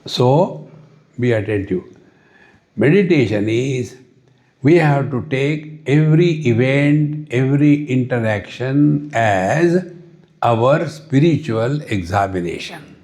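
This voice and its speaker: A man with an Indian English accent giving a spiritual discourse at a retreat, unhurried, often asking "See?" and chanting Sanskrit verses. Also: mid-range voice, lively intonation, darkish tone. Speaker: spiritual teacher. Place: retreat hall.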